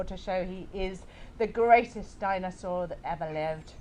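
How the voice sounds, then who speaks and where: A woman's voice: lowish voice, moderate pace, a little mellow. A woman teaching a yoga class for young children, giving playful, encouraging, story-like instructions.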